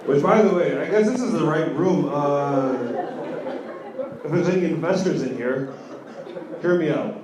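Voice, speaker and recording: A young man doing a stand-up comedy set on a club stage, telling loose stories full of "like" fillers and getting loud on the punchlines. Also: a little high, a little slow, pauses often. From Kenya. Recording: echoey club audio from far off, with room noise.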